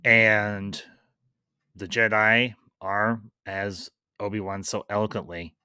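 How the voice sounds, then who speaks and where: A man's voice: fairly low pitch, level tone, takes it slowly, pushed and bright, smooth, no room sound. A man hosting a live-stream review, chatting loosely with fillers and greeting viewers in the chat. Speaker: livestream host reviewing a series.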